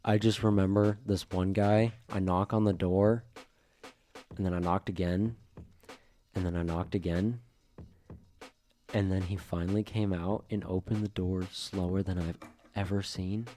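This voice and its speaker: A young man chatting on a podcast, spinning a story in a loose, rambling way with plenty of filler words. His voice sits low and sounds mellow and soft-edged, with a faint hiss behind it. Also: fairly even intonation, a little slow, pauses often. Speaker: podcast co-host. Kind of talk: casual chat.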